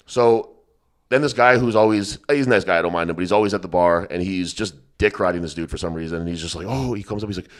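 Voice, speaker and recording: A man's voice: deep voice, quick pace. A man hosting a podcast, telling a rambling story with lots of swearing and laughter in a casual chat. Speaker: podcast host.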